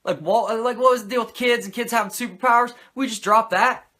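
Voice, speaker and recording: A man's voice: extremely high pitch, a little fast, pushed and bright, a little hiss or hum. A man recapping an old wrestling episode in casual, rambling commentary, swearing freely and going off on tangents. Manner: rambling, profane, self-mocking. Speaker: wrestling show reviewer.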